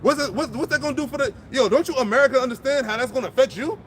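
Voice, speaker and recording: A high-voiced man delivers an impassioned outdoor sermon. He is blunt and profane and repeats words as he builds each point, with faint city noise around him. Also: very fast, fairly bright tone. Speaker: street preacher.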